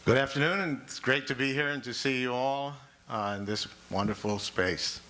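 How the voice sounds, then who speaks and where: A man's voice: medium pitch, moderate pace, bright, forceful tone. A man running for mayor, giving a rousing debate opening statement that builds through repeated phrases. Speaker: mayoral candidate. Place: public forum hall.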